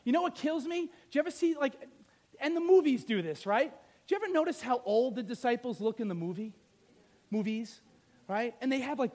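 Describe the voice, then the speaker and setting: A male pastor preaching an animated sermon, firing rhetorical questions and swinging from loud to soft. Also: very high-pitched, a little fast.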